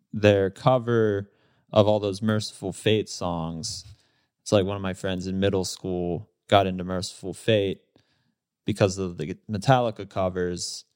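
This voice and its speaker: A man in his thirties, a guest in a casual interview, telling stories in a relaxed way with lots of fillers and laughs. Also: low voice, clear, resonant tone, no echo, clean studio sound. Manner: relaxed storyteller, laughs often, many fillers.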